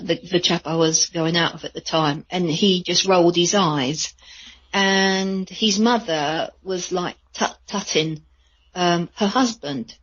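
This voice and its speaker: A woman, a psychic medium, telling chatty, rambling stories in a radio interview with a husky voice. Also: on the low side, highs cut off. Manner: chatty, rambling with many fillers.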